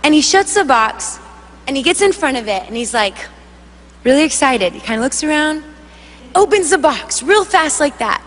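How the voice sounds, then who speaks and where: A woman worship singer giving an emotional spoken testimony, telling it in an animated way and acting out the voices. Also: high-pitched, moderate pace. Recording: long hall reverb.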